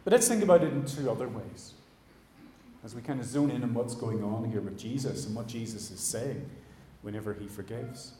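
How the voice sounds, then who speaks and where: A man delivers a sermon in a casual, conversational way, speaking straight to the people in front of him. His voice sits at a middling pitch and carries a roomy echo from the church hall. A faint ambient noise runs underneath. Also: expressive, fairly quick, dark tone. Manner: conversational, addresses the congregation directly. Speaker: pastor.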